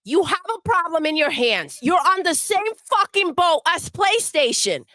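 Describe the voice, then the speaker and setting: A woman's voice: very high-pitched, sing-song, normal speed, bright, forceful tone, no room sound. A woman delivering a profane, scornful rant full of swearing. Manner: scornful, swearing, mocks with put-on voices. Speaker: livestream segment voice.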